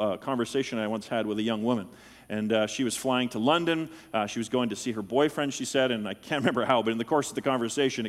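A middle-aged man preaching a sermon, teaching in an animated way and checking that listeners follow him. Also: on the high side, big-room sound. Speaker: pastor.

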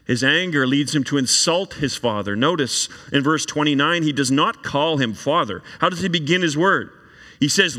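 A man preaching a sermon, reading scripture aloud and then explaining it in an animated way. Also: on the high side, a little fast. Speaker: pastor. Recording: long reverb of a large hall.

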